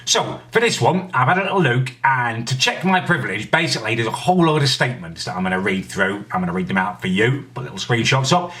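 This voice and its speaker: A young man hosting a casual comedic vlog, talking in a sardonic, deadpan way with indignant asides. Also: mid-range voice, recorded from a distance, a little hiss or hum. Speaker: vlogger host.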